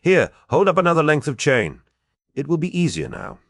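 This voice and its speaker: A man's voice: on the high side, big pitch swings, moderate pace, no echo, clean studio sound, voice pushed up. A man putting on de Verck, a wry, urgent turncoat knight. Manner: sardonic, then urgent shouting.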